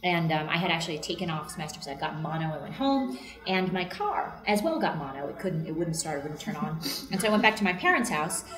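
Animated woman storyteller, echoey room. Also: deep voice, quick pace. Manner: animated, laughing, acts out voices in anecdotes. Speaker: voice actress guest. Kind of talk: casual storytelling interview. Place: convention interview room.

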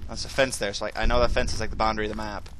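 A man's voice: lowish voice, little pitch movement, racing, noisy background. A young man commentating his own horror game playthrough, panicky, swearing, and breaking into screams. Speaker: gamer playing a horror game. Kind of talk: let's play commentary.

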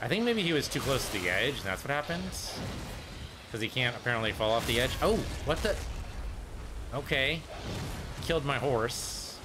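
A man's voice: mid-range voice, animated, normal speed, background noise. A man casually commenting on his own gameplay, thinking aloud and muttering to himself as he plays. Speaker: let's play gamer.

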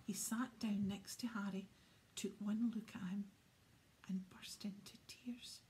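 A woman reading an audiobook aloud in a soft, hushed way. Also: mid-range voice, steady tone, measured pace, a little hiss or hum. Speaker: audiobook reader. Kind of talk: audiobook narration.

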